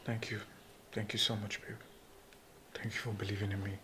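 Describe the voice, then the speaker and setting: A young Nigerian man speaks earnestly to his girlfriend. His voice stays flat and even, with faint noise behind. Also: fairly low pitch, fairly quick.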